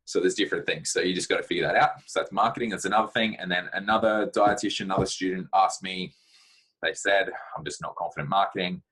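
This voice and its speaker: A man's voice: low voice, steady tone, quick pace, a bit bright, slightly rough, low-quality recording. A man giving blunt, practical career advice in a casual talk to camera, with plenty of fillers.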